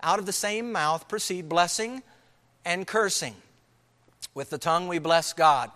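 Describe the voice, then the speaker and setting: A man's voice: high voice, unhurried, pauses often, sharp tone, long reverb tail. A man preaching a sermon, emphatic, repeating key phrases and asking rhetorical questions.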